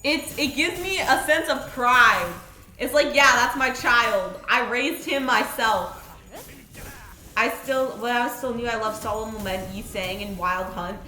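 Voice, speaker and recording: A young woman streaming a game, chatting in an excitable, rambling way with lots of fillers. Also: a little high, a little slow. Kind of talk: casual live-stream chat. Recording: roomy echo with faint music.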